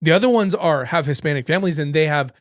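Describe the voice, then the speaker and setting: A man's voice: on the high side, fast, no room sound, studio quality. A man co-hosting a podcast in casual chat, insistent and repeating his points. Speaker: podcast co-host.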